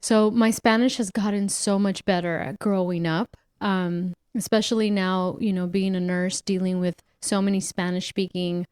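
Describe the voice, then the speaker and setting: A woman's voice: medium pitch, fairly even intonation, moderate pace, few pauses, darkish tone, clean tone, no room sound. A woman from the United States hosting a podcast in an easygoing, casual conversation, laughing often and talking loosely with fillers. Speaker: podcast host; nurse.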